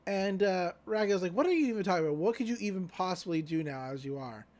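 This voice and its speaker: This co-host talks fast and expressively, with a medium pitch and a darkish tone. It's a casual podcast chat retelling an anime episode, relaxed and loose, with plenty of fillers and offhand paraphrasing of lines.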